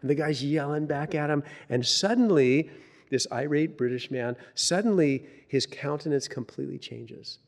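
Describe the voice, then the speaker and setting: A pastor telling a sermon story. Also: male voice, fairly high pitch, moderate pace. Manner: conversational and animated, many restarts and filler words.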